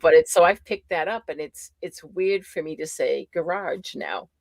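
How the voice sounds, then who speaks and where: A woman's voice: low-pitched, normal speed, gravelly, darkish tone. An American woman co-hosting a live stream in casual chat over a video call, laughing often. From United States. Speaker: livestream co-host.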